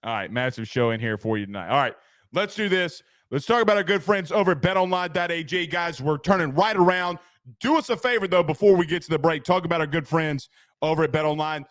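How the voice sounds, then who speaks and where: A man hosting a casual sports talk show, rambling and excitable, laughing at his own jokes. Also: fairly high pitch, fast, dry recording, studio quality.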